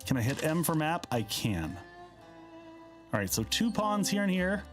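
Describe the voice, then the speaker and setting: A man's voice: fairly high pitch, sing-song, moderate pace, soft background music. A man playing a game live, chatting casually and reading the on-screen dialogue aloud in a playful way. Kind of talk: casual live-stream commentary.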